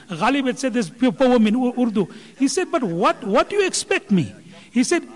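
High-voiced man preaching in a reverberant hall. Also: big pitch swings, moderate pace. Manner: impassioned, rising in pitch and volume when quoting. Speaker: religious speaker explaining a scholar's teaching. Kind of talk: sermon.

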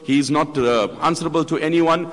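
A man's voice: fairly high pitch, brisk. A man with a slightly raised voice gives an earnest religious commentary, explaining points and reciting scripture. His voice rings with a long hall reverb. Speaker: Islamic speaker summarizing a lecture.

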